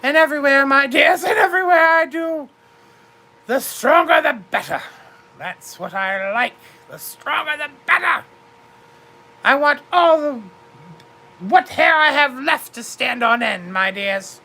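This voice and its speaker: A gushing, boozy duchess, as a woman puts her on, with a put-on British accent and a high, sparkling voice. She speaks slowly and grandly and calls everyone darling as she reads the chat of a comedic livestream. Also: expressive, creaky, sharp tone, full character voice. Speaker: livestream host in character.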